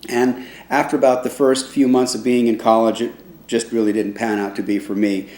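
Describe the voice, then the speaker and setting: A man's voice: mid-range voice, normal speed. Older man telling a story in an echoey room. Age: 60s. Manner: relaxed, rambling delivery with restarts, acting out other people's voices in quotes. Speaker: trombone player recounting his band's start. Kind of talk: casual spoken storytelling.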